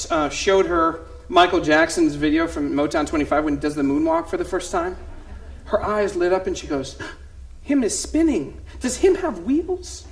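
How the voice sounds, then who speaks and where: A man performing a one-man comedy show on stage, telling animated stories and acting out voices of his family. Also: sits high. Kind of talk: stand-up storytelling. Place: theater stage before a live audience.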